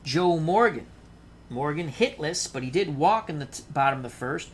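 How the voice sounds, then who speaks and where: A man's voice: a little high, normal speed, slight background noise. A man doing chatty play-by-play for a tabletop baseball dice game, talking to viewers in chat between rolls. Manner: chatty, excitable, rhymes and asides to chat viewers.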